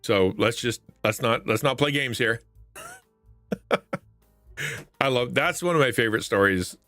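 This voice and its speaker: A man's voice: medium pitch, a little slow, bright, forceful tone, no room sound, faint music behind. A man hosting a live stream, chatting casually with viewers and retelling funny stories, laughing often, with a stuffy nose. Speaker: livestream host.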